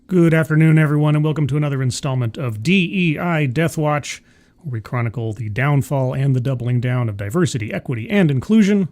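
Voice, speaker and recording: A man hosts a casual livestream, greeting viewers by name, reading news aloud and offering blunt opinions in a chatty way. His mid-range voice is expressive, fairly quick and somewhat dark in tone.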